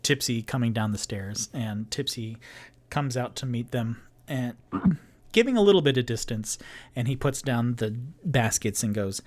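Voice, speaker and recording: A man narrating as game master of a solo tabletop game, describing scenes in an unhurried way with many fillers. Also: mid-range voice, expressive.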